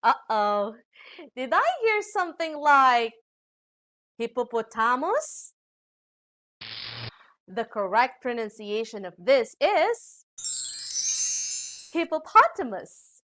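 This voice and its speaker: A Filipino woman with a slightly high voice teaches students a scripted English pronunciation lesson in her Filipino accent. Her delivery is slow and lively, like a teacher addressing a class.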